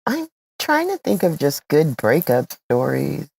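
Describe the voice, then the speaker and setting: Very low-voiced woman, slow and measured. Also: wildly swooping pitch, vocal fry, darkish tone, a little hiss or hum. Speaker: podcast co-host. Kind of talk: casual chat, storytelling.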